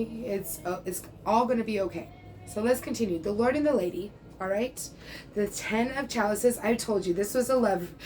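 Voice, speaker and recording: A woman's voice: medium pitch, a little mellow, slight background noise, low-quality recording. Chatty woman giving a tarot reading. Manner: chatty, frequent "okay?" and "bro", reassuring. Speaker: tarot reader.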